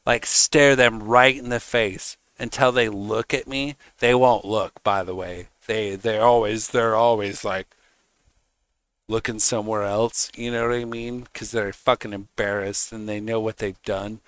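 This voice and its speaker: A man's voice: lowish voice, fairly even intonation, unhurried, fairly bright tone, clean tone, no echo. A man streaming, ranting casually in a heated, mocking way, swearing constantly. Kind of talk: casual rant.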